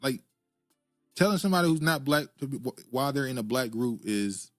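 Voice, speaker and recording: A man's voice: medium pitch, expressive, fairly quick, dry recording, faint music behind. A man hosting a podcast, reacting casually to comments and clips and chuckling often. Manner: laid-back, chuckling, fillers. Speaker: podcast host.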